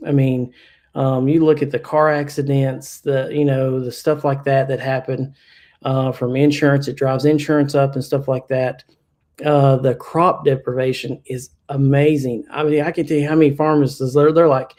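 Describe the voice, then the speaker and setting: Speaking at a moderate pace in a level, slightly mellow, medium-pitched voice, a Kentucky man is a hunter guest on a podcast. His casual interview chat is plainspoken and full of fillers and restarts.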